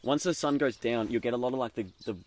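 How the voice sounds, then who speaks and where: A man's voice: mid-range voice, fast talker, a loud crowd. A man co-hosting a casual podcast outdoors, telling stories with lots of ums and laughs. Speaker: podcast co-host. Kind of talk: casual chat. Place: outdoors in the bush.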